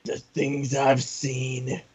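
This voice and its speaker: A man voicing a gruff, battle-worn male veteran who speaks in a low, weary drawl. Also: monotone, drawn-out words, darkish tone. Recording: slightly dull, lo-fi mic.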